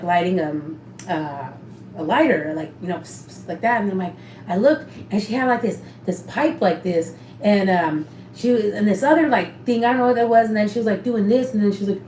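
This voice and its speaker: A young woman telling a story in casual chat, animated and swearing, slipping Spanish phrases into her English. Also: medium pitch. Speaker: co-host. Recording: echoey room, faint background hum.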